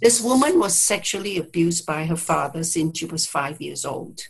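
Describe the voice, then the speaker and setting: Husky-voiced woman telling a client story. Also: low voice, lively intonation, normal speed, rough recording. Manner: reflective, hesitant restarts, quotes clients aloud. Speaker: therapist and guest speaker. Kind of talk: storytelling in an interview. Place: online video call. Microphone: video call mic.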